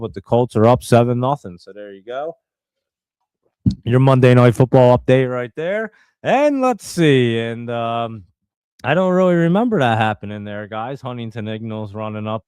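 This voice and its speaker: A man hosting a live stream, talking through the market in a loose, joking, off-the-cuff way and answering his chat. His voice is smooth and clean, at a middling pitch. The sound is dry and close, with no room echo. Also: normal speed, a little mellow. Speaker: livestream host. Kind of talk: casual live market commentary reading chat.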